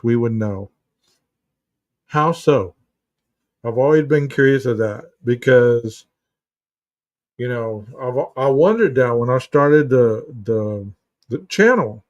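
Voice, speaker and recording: Rambling therapist host, muffled distant mic. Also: male voice, medium pitch, darkish tone, dry recording. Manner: rambling, many restarts and "you know" fillers, storytelling. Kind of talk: casual live-stream chat, answering viewer chat. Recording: dull, muffled sound from a mic set back.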